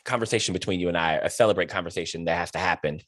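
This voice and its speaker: Low-voiced man hosting, gushing. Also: rapid-fire, a bit bright, no echo, clean studio sound. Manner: effusive, emotional, many fillers and restarts. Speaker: host. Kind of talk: warm video-call interview.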